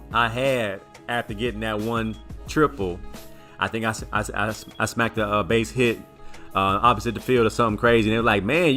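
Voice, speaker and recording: Bright-voiced man telling a story. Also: on the low side. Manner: rambling, animated, repeats words while recounting. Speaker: sports show co-host. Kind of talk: casual storytelling chat.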